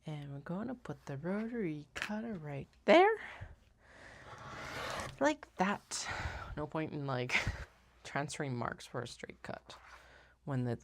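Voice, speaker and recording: A woman's voice: low-pitched, vocal fry, slight background noise. A woman giving casual running commentary while cutting fabric on a craft live stream, chatty and wry, swearing and laughing at herself.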